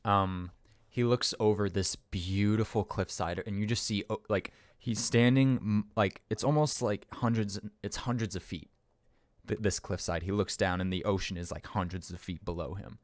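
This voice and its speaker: A man's voice: fairly low pitch, steady tone, moderate pace, no room sound. A man narrating a scene as game master, descriptive and rambling with fillers.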